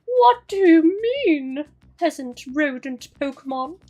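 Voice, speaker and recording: A woman's voice: medium pitch, quick pace, a little mellow, close to an everyday voice. A woman voicing a haughty, posh female cat creature in a video game, speaking in a condescending upper-class manner.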